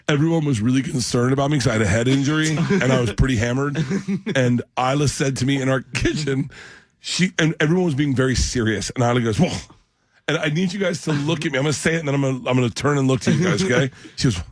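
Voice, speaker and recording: A man's voice: medium pitch, fast, no echo. A man telling funny family stories as a comedian guest in a radio studio, laughing as he talks and acting out other people's voices. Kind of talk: storytelling on a radio show.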